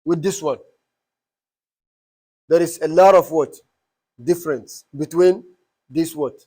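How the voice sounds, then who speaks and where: Man, high voice, classroom teacher, asks questions over and over. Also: slow, dark tone, husky. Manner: quizzing the class with repeated questions. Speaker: Arabic teacher.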